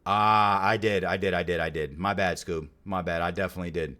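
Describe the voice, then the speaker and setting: A man's voice: low voice, steady tone, brisk, pushed and bright. A young man hosting a live stream, chatting casually and greeting viewers by name in slangy talk. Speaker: streamer and podcast host.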